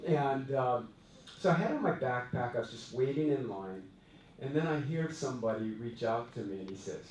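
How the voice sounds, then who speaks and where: A man from Hawaii, a company president, telling stories in a chatty, animated speech to his staff. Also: medium pitch, moderate pace, a little hiss or hum. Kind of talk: storytelling speech to employees. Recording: echoey room, voice from far off.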